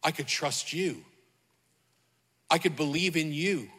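A man with a high, bright, ringing voice preaches with fervor. He repeats his phrases and calls out to the congregation. The sound carries a long reverb, as in a large hall. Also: takes it slowly, slightly rough. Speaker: pastor. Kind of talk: sermon.

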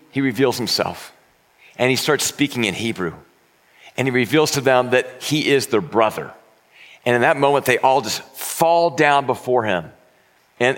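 A man's voice: mid-range voice, fairly bright tone. A man preaching a sermon, retelling a scripture story in an earnest way with frequent stammered restarts. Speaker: pastor.

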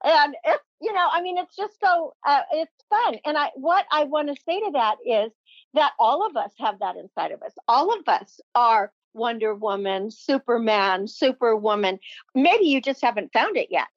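Upbeat motivational guest, woman, high voice, dry and slightly dull recording. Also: animated, normal speed, no echo. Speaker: podcast guest, motivational speaker. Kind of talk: enthusiastic interview talk. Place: home office library. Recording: dull, lo-fi sound.

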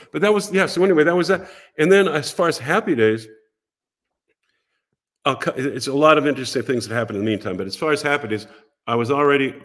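An older American man, a podcast guest telling a story in a casual, animated way and acting out the voices of people he quotes. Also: medium pitch.

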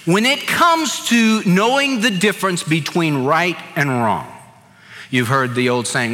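A middle-aged man preaches a sermon in a church sanctuary, his voice high and bright. He swings all over his range, acting out the people in his stories. Long reverb trails behind his words. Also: unhurried. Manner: animated storytelling with acted-out quotes. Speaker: pastor.

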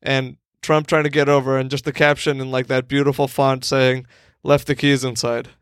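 A man co-hosting a podcast in casual comedy chat, joking and excitable, swearing when worked up. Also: medium pitch, moderate pace, clean tone, dry recording, studio quality. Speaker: podcast co-host.

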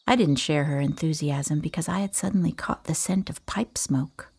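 A woman reading a first-person audiobook in a calm, even storytelling manner. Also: sits low, moderate pace, gravelly, hardly any pauses, husky. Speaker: audiobook narrator.

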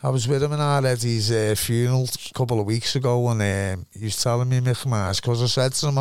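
A man's voice: mid-range voice, quick pace, hardly any pauses, clean tone, dry recording, clean studio sound. A middle-aged man with a Scouse accent, a former footballer, telling rambling, sweary anecdotes in casual chat, full of "lad" and "me".

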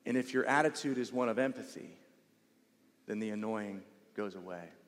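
A male pastor preaching a sermon in a church, emphatic and swinging between loud stresses and hushed passages, repeating words for weight. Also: lowish voice, normal speed. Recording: long hall reverb.

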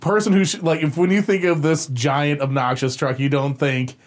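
A man telling a funny story in casual, animated conversation. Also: on the high side, normal speed. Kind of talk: casual chat.

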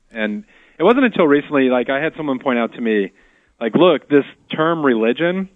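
A man's voice: mid-range voice, no echo, narrow, tinny audio. A man co-hosting a Catholic radio talk show, speaking thoughtfully with frequent "like" fillers. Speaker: radio co-host. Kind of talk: casual faith discussion.

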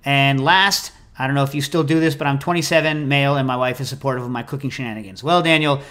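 Fielding listener questions on his food call-in show, a man with a mid-range voice talks fast. He's casual and animated, full of opinions, and prone to wandering off on tangents.

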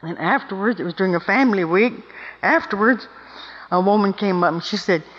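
A woman's voice: mid-range voice, fairly quick. Older woman preaching in an echoing hall. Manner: emphatic, asks the audience "Hmm?". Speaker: speaker at a women's meeting. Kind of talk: folksy storytelling talk to women. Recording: dull recording in a long-echo hall.

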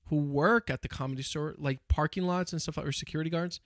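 A man's voice: a little high, steady tone, a little fast, fairly bright tone, dry recording, clean studio sound. A young man in casual podcast chat, telling stories in a rambling way with lots of fillers and restarts.

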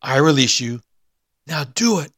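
A man's voice: fairly high pitch, big pitch swings, measured pace, fairly bright tone, no room sound, studio quality, pitched above the performer's own voice, heavily acted. Sex: man. Type: a man playing a snarling grave robber. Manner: commanding. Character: desperate male grave robber, greedy and commanding.

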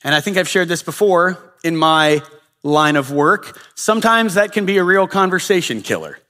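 A man's voice: high-pitched, animated, normal speed, bright, forceful tone. A male pastor giving a sermon in a casual storytelling way, with frequent filler uhs. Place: church sanctuary. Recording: long reverb of a church hall.

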